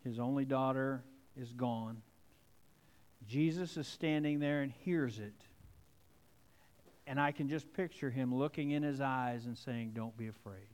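A man preaching a sermon, swinging between hushed and emphatic delivery. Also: mid-range voice, unhurried, long pauses, clean tone. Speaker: pastor. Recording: long hall reverb.

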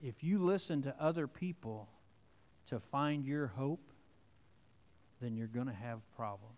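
A man preaching a sermon, swinging between hushed and emphatic delivery. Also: medium pitch, measured pace. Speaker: pastor. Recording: long hall reverb.

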